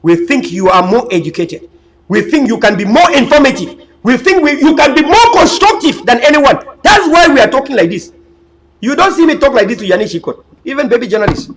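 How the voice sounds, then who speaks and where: A man's voice: very high voice, animated, brisk, a bit bright, rough recording. A man giving an impassioned political talk, emphatic and preachy, repeating himself and stumbling over words. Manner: emphatic, repetitive, preachy, with frequent stammered restarts. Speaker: political commentator.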